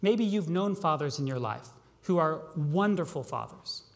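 A pastor preaching a sermon, asking rhetorical questions and slowing down on key phrases. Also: medium pitch, lively intonation. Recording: long reverb of a large hall.

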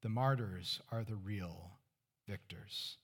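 A man preaching a sermon as pastor, conversational, asking the congregation rhetorical questions and dropping to a hush for emphasis. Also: fairly low pitch, slow. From California Central Valley.

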